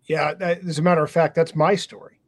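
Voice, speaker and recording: Higher-voiced man co-host. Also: little pitch movement, a little fast, no echo. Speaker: podcast co-host. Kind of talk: casual podcast questions.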